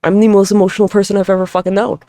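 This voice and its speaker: A woman's voice: mid-range voice, little pitch movement, very fast, warm tone, no echo. A woman hosting a solo podcast monologue, talking in a candid, rambling, profane way with self-deprecating humor. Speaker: podcast host.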